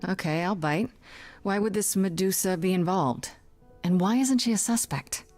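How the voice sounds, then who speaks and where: A woman's voice: mid-range voice, normal speed, darkish tone, lightly acted. An actress playing an earnest, wry young woman who is looking into a death. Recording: game audio with faint music beneath.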